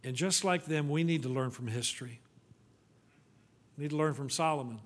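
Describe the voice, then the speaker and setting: A male pastor preaches with urgency, pressing his listeners with pleading questions. When he reads scripture, his voice sinks into a low, quiet tone. He speaks in a fairly high register. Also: moderate pace. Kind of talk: sermon.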